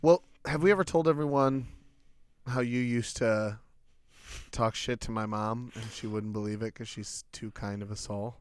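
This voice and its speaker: A young man co-hosting a casual podcast, teasing his friend with profane, quick comebacks. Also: mid-range voice, smooth, no echo, clean studio sound. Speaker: podcast co-host. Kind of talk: casual crude banter.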